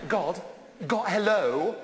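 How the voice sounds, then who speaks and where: A man's voice: high-pitched, expressive, slow, heavy background noise. A man with an English accent performing live stage comedy in a pompous, theatrical way. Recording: echoey live theatre recording.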